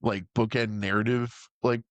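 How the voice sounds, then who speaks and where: A man co-hosting a casual movie-review podcast, animated and swearing, often slipping into jokey character voices. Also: medium pitch, moderate pace, no room sound. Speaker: podcast co-host.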